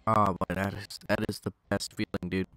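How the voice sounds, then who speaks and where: A man's voice: fairly low pitch, little pitch movement, moderate pace, sharp tone. A young man giving loose, joking commentary over his own gameplay, swearing and talking to the enemies on screen through a gaming headset. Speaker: gaming channel host.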